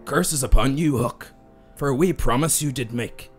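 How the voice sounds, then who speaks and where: A man's voice: medium pitch, measured pace, soft background music, close to an everyday voice. A man voicing a cursing fey spirit inside a character's head, with a put-on Scottish accent and solemn, archaic speech. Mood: ominous. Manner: solemn, archaic curse-speaking.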